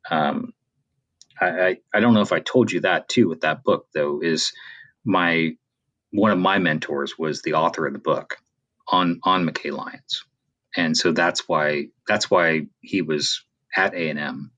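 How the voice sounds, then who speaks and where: A man's voice: low-pitched, a little slow, bright, forceful tone. A Canadian-born man co-hosting a podcast in casual chat, rambling with many fillers and restarts. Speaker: podcast co-host.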